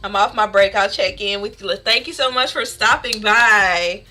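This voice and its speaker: Bubbly bright-voiced woman streamer. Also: mid-range voice, moderate pace, soft background music. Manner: bubbly, chatty, laughs often. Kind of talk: casual live-stream chat.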